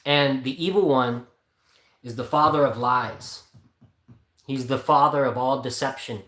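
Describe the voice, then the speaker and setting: A man's voice: mid-range voice, measured pace, a bit bright. Male host, mid-range voice, rambling conversational delivery, echoey room sound. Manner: rambling, thinks aloud, corrects himself. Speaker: channel host. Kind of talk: casual spiritual talk and reading. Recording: roomy echo.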